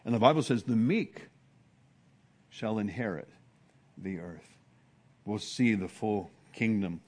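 A man preaching an expository sermon in a conversational way, often restarting words and acting out hushed exclamations of awe. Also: on the low side, expressive, slow pace, slightly rough.

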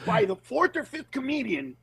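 A man's voice: moderate pace, vocal fry, husky, no room sound, rough recording. A middle-aged man, a comedian, talking in a casual podcast conversation and acting out the people in his stories. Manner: animated storyteller, acts out quotes in high voices. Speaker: comedian guest.

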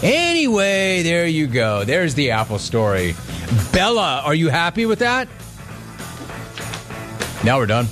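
A man on the radio telling a casual story, acting out the people in it with lively swings in his voice. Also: fairly high pitch, a little slow, pauses often, music in the background. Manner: animated, acts out both sides of the story. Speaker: radio host.

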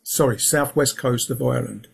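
Gravelly, husky man rambling in casual talk. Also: mid-range voice, moderate pace. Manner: rambling, restarts often, fills with um and yeah. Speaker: guest. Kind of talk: casual interview chat. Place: lives in England.

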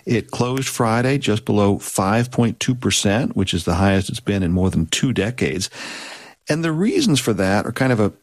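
A man's voice: fairly low pitch, animated, normal speed, dry recording. A man reporting economic news in a radio interview, plain-spoken with wry asides. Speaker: economics correspondent.

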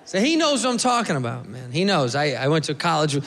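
A young American man doing a crude, animated stand-up set on a club stage, swearing freely. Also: on the high side, fast, creaky. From United States. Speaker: stand-up comedian. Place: comedy club stage with a live audience. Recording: live club recording, long reverb, audience and room noise.

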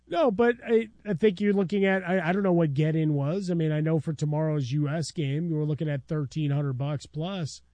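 A man's voice: a little high, fairly even intonation, a little fast, hardly any pauses, mellow, dry recording, lo-fi sound. A middle-aged man co-hosting a sports radio show, telling stories in a wry, casual way. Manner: storytelling, wry. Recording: dry studio sound.

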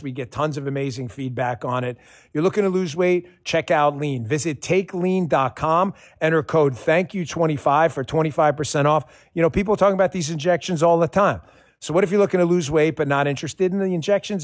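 A man giving a radio ad endorsement in a conversational, emphatic manner, repeating key points. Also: fairly high pitch. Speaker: product endorser. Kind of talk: radio ad read.

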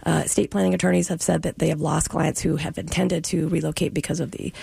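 A woman panelist with a heavily gravelly, husky voice, recorded dry and close. She talks in halting restarts before landing on a firm point in a political discussion. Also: low-pitched, fairly even intonation, dark tone, dry recording. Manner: hesitant, restarts often, then firm.

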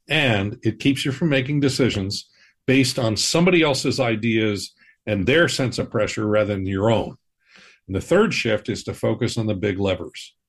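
A man hosting a money podcast, explaining personal finance in a measured, reassuring way. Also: medium pitch, husky. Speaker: financial advisor, podcast host. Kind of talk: scripted personal-finance talk.

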